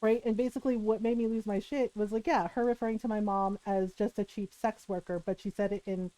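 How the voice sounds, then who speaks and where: A woman streamer telling a story in casual chat, animated, often tagging lines with "right?" and laughing. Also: mid-range voice, brisk, no echo, low-quality recording.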